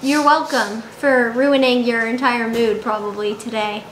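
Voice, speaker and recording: A woman's voice: fairly high pitch, fairly even intonation, a little slow, fairly bright tone, slight background noise. A young woman vlogging at home, chatting to the camera in a dramatic, giggly way. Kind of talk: casual chat to camera. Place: indoors at home. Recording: roomy home recording.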